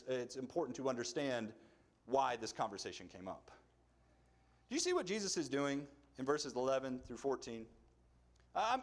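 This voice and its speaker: Animated male preacher, lively pitch. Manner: animated storytelling, acts out quotes with big pitch jumps. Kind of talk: sermon. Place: church sanctuary.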